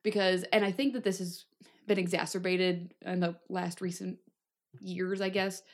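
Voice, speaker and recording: A young adult woman co-hosting a podcast in casual chat, lively and playful, often acting out quoted voices. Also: lowish voice, moderate pace. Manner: chatty, acts out quoted voices. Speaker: podcast co-host.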